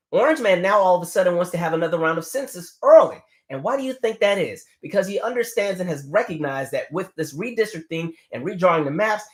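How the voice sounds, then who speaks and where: Man, 30s, livestream host, passionate, quick, conversational, slightly high voice. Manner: passionate, fast-talking, conversational. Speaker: political commentary livestream host. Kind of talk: casual livestream commentary.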